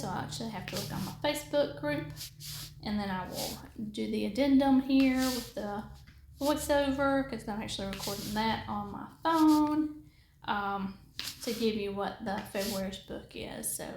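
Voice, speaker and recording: A woman vlogger chatting casually while she crafts, rambling with many fillers and restarts. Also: fairly high pitch. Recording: echoey room with faint noise.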